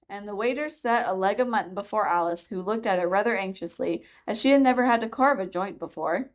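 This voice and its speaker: Lady reading a kids' classic aloud, mid pitch, kinda muffled lo-fi sound. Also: fairly quick, few pauses. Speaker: library reader. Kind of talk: storybook narration.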